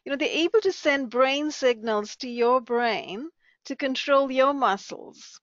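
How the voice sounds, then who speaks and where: A woman's voice: high-pitched, a little slow, fairly bright tone, dry recording. A woman hosting an interview, affirming and summing up what her guest says. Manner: affirming, summarizing the guest's points. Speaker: interview host. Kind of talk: conversational interview. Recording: dry, dull lo-fi audio.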